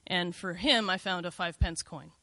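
A middle-aged woman recounts a personal story with a bright, forceful edge to her voice. She talks casually and confessionally, scattering "like" and "you know" through her sentences. The recording is close and dry, with no room sound. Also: fairly low pitch, moderate pace, no room sound. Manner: conversational, frequent "like" and "you know", candid and confessional.

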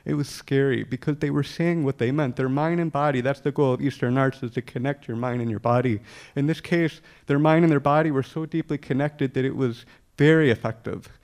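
A man's voice: mid-range voice, fairly quick. A man telling a personal story to an audience in a humorous way, often chuckling as he talks. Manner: acts out dialogue with lively quoted voices.

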